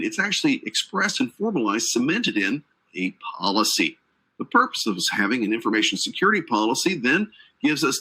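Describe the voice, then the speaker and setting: Lively, bright-voiced man teaching a class. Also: mid-range voice, low-quality recording. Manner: jokey, chatty asides to a live audience. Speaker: certification exam instructor. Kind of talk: live online training lecture. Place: based in Atlanta.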